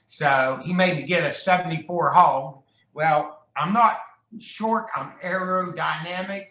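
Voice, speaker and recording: A man's voice: on the high side, unhurried, bright, forceful tone, a little hiss or hum. A man telling rambling, jokey stories as a guest, slipping into voices when he quotes people. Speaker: guest, charity ride founder. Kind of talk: casual storytelling chat. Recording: echoey room.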